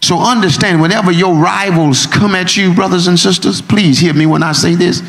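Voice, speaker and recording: A male pastor preaches in a slightly higher voice, building from steady teaching up to ringing, shouted points. His words carry through a roomy church with a long, lingering reverb. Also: moderate pace, vocal fry. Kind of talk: sermon. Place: church sanctuary.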